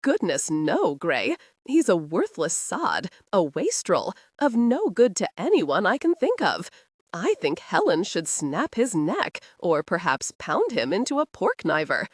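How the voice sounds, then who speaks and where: A woman's voice: lowish voice, wildly swooping pitch, unhurried, husky, no room sound, studio quality, heavily acted. A woman narrator voicing a bold, scornful young heroine in disguise, speaking cheekily. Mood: cheeky.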